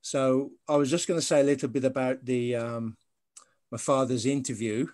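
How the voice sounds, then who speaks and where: A man from Birmingham speaking as a guest on a video call, telling his family story in a measured, halting way with frequent ums. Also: medium pitch, fairly even intonation, a little mellow, no room sound, studio quality. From Birmingham, England. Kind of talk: telling family history in conversation.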